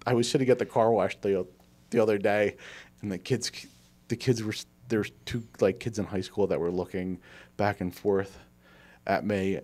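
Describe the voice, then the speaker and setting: A man's voice: fairly low pitch, moderate pace. A man hosting a casual podcast chat, telling rambling anecdotes and acting out quoted people. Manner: rambling storyteller, animated quoting. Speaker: podcast host.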